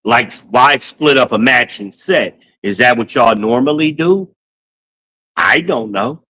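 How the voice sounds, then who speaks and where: Profane, animated man ranting at home. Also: medium pitch, slow pace, breathy edge, rough recording. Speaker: podcast host. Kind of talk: casual ranting vlog. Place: at home, moving between rooms.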